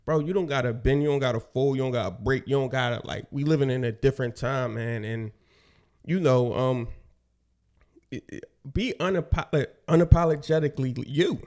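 A man's voice: mid-range voice, a little fast, a little mellow. Laid-back young man using slang. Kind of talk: casual conversation.

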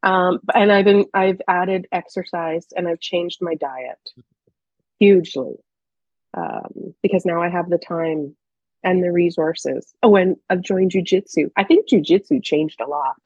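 A woman's voice: on the low side, lively intonation, measured pace, a little mellow, slightly rough, no echo, dull audio. A woman in her thirties, speaking as a podcast guest and telling personal stories in a candid, chatty way with hesitant restarts. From Canada. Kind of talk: casual personal storytelling.

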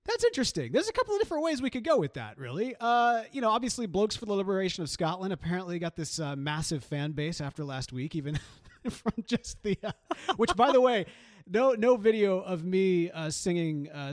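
A man with a high, springy voice co-hosts a podcast in easy banter. He teases himself and chuckles often, and his pitch bounces up and down. The sound is dry and close. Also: no room sound. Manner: joking, self-mocking, laughs easily. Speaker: podcast co-host. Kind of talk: casual chat.

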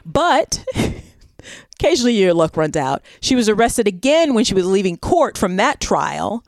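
A woman co-hosting a podcast, telling a history story in a playful, animated way with laughs. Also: medium pitch, unhurried, no echo, studio quality. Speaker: podcast co-host. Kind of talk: casual storytelling chat.

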